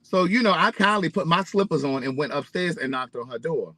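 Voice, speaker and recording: A man telling a story in a casual, animated, profane way, repeating phrases for emphasis. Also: a little high, brisk, dry recording, low-quality recording. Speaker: vlogger.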